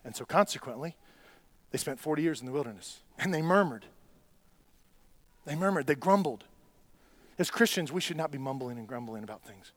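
A man preaching a sermon, conversational and earnest, dropping to quiet asides and climbing to loud, rising exhortation. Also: on the high side, expressive, a little fast, long pauses, dry recording. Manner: conversational preaching with restarts and plain talk. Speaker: pastor.

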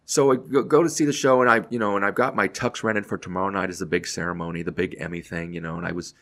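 A middle-aged man tells stories from his radio career in a quick, animated way. His voice sits fairly low and has a gravelly edge. He jumps into other people's lines as he goes. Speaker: radio host telling his career story. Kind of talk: casual anecdotal storytelling.

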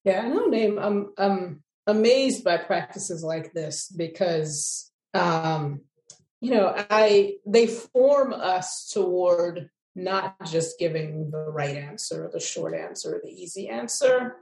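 A woman with a slightly low voice helps lead a class over a video call, sharing her thoughts reflectively and eagerly. Her voice sounds roomy and echoey. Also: very animated, slow, darkish tone. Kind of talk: casual class discussion.

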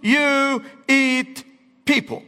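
A man with an accent voicing a big young American college man who hollers slowly, as if to a foreigner. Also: very high-pitched, steady tone, bright, forceful tone, pitched above the performer's own voice, exaggerated voice. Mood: hollering. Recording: long reverb of a large hall.

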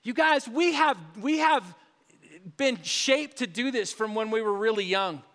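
A middle-aged male pastor preaching with a high, bright voice. He tells stories with frequent restarts and sinks to a hush on solemn lines. His sermon carries a long hall reverb. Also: unhurried. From Colorado.

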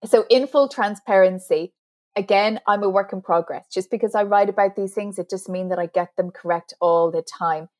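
A woman's voice: mid-range voice, normal speed, a little mellow. A woman author as an interview guest, explaining communication skills earnestly and laughing at herself now and then. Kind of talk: interview conversation.

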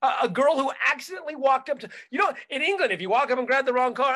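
A comedian co-host in casual podcast talk, animated and profane as he rants. His voice runs high and bright, with a sharp, forceful edge. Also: racing, few pauses.

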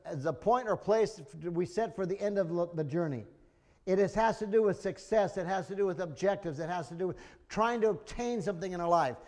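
A man's voice: high voice, darkish tone. A middle-aged man preaching a sermon, earnest and emotional, often restarting his sentences.

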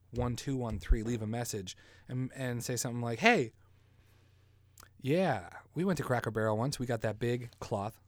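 A man with a medium-pitched voice hosts a casual solo podcast, rambling through crude jokes, mocking himself, and laughing at his own bits. There's no echo.

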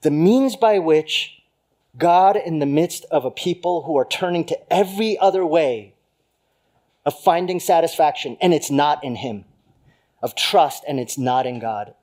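A male pastor giving a conversational sermon, swinging from loud emphasis to hushed lines. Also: a little high, a little slow.

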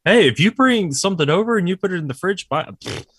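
A man's voice: high voice, fast talker, husky, no room sound. A man in his thirties chatting casually as a podcast co-host, telling stories with lots of acted-out quotes of friends. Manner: animated storyteller, acts out quoted friends. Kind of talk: casual chat.

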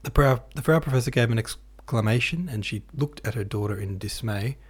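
A man reading a classic novel aloud as an audiobook narrator, with a measured, even delivery. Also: medium pitch, husky. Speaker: podcast host and audiobook reader.

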